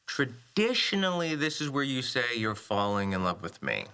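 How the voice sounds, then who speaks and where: A man's voice: medium pitch, very animated, moderate pace, sharp tone, clean tone. An actor playing a fireman who talks in teasing, flirtatious banter. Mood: tender. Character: charming, playful fireman lover. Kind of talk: sitcom acting.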